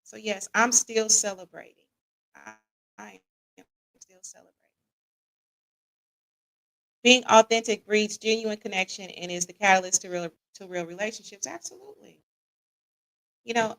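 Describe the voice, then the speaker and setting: A woman with hosts a live stream, keeps checking in with her audience, and reacts to their comments. Her voice is a little high, bright and forceful, with a gravelly fry running through it. She sounds relaxed and conversational. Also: low-quality recording. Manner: casual and conversational, often asks the audience "what y'all think"; reads audience comments aloud and laughs along. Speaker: host.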